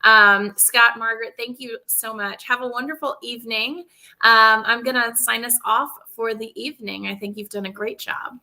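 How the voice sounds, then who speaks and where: A woman's voice: a little high, steady tone, normal speed, pushed and bright, low-quality recording. A woman hosting an online author event, upbeat as she steers the conversation and signs off. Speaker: bookstore event host.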